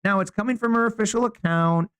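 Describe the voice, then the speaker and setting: A man co-hosting a podcast, chatting casually in slangy, animated storytelling. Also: sits high, fast, clear, resonant tone, no echo. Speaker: podcast co-host.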